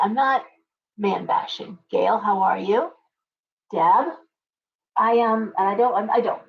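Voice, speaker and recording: A woman's voice: mid-range voice, recorded from a distance, slight background noise. Rambling middle-aged woman, off-mic. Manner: rambling, chatty, greets viewers by name mid-thought. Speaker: tarot reader hosting a live stream. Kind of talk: casual live-stream chat. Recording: dull, lo-fi sound from off-mic.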